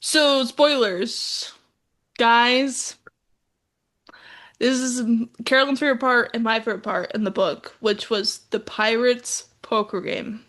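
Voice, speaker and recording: A young woman co-hosting a podcast, playfully chiming in with quick reactions during a book chat. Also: a little high, steady tone, a bit bright. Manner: playful, chimes in with quick reactions, says dude. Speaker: podcast co-host.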